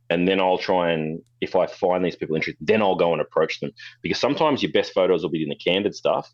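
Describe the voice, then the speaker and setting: A deep-voiced Australian man tells his stories at a fast clip, blunt and animated, with curse words thrown in freely. The recording is dry and slightly dull, with no room sound around him. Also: no echo. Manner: blunt, swearing, animated storyteller. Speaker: photographer guest. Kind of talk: casual storytelling interview.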